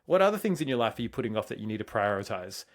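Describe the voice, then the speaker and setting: A man's voice: on the low side, very animated. A man co-hosting a fitness podcast, talking emphatically and swearing often as he makes his points. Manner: fast, emphatic, swears a lot. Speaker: podcast co-host. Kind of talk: motivational podcast talk.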